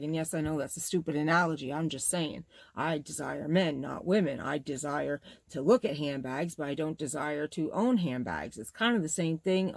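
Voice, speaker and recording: A woman's voice: deep voice, dry recording. A middle-aged woman hosting a bag-making vlog, chatting in a rambling, gushing, exclamatory way as she shows off her materials. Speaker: bag-making channel host. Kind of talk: casual show-and-tell vlog.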